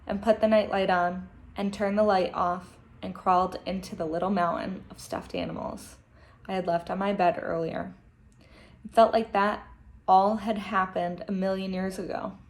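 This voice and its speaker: A teacher reading a children's novel aloud to her class, gentle and expressive, with emotional asides. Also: mid-range voice.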